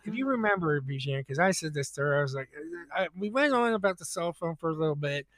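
A man co-hosting a podcast, telling a long story in casual chat, animated and stammering through restarts as he acts out what people said. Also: fairly high pitch, fast, no echo.

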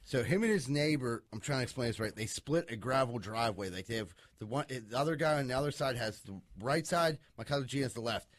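A man telling a profane, animated story in casual chat among friends. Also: medium pitch, fast talker, few pauses, no room sound.

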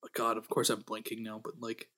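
A young man co-hosting a casual movie review chat, hesitant and quick to laugh. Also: lowish voice, monotone, a crowd in the background. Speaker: movie review podcast co-host.

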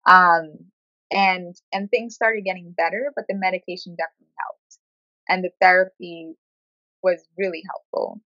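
A woman speaking frankly in a conversational interview, telling her story with animated quoted asides. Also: lowish voice, moderate pace, no room sound, lo-fi sound. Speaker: guest sharing her experience.

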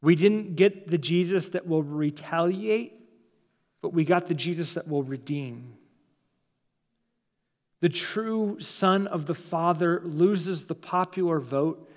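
A man, a pastor, preaching a sermon with dramatic pauses, slowing down and dropping soft for emphasis, in a church sanctuary. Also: fairly high pitch, big-room sound. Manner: dramatic preaching, slows and drops to near-silence for emphasis.

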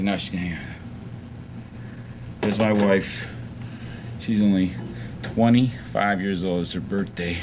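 A man's voice: lowish voice, slight background noise. A man who owns a music store, hosting a casual local TV show from the store, joking around, tired and out of breath. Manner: joking, rambling, playful. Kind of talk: casual on-camera banter and phone calls.

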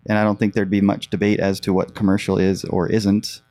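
A man co-hosting a podcast, speaking in a measured, thoughtful way during casual advice chat. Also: lowish voice, level tone, a little mellow, no room sound. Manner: measured, thoughtful, with some fillers. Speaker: podcast co-host.

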